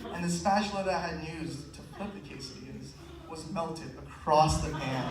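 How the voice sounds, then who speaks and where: A man's voice: sits high, background noise. A young man performing a stand-up comedy set, telling a story and acting out the quotes. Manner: animated storytelling with acted-out quotes. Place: comedy club stage. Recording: very echoey room, picked up from a distance.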